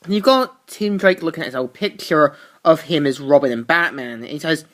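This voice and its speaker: A woman's voice: low-pitched, animated, fairly quick, hardly any pauses. A woman reviewing a comic book, recapping the plot casually with asides.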